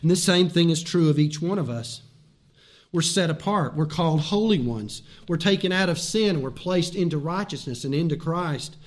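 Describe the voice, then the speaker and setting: A man's voice: a little high, animated, moderate pace. Fervent male preacher with folksy asides. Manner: dynamic preaching, swinging from loud emphasis to hushed asides; folksy, addresses listeners directly with questions. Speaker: pastor. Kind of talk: sermon.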